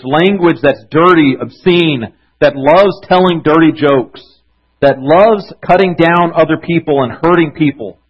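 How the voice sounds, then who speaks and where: Husky pastor preaching. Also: male voice, on the high side, dull audio. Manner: earnest, conversational preaching with restarts. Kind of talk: sermon.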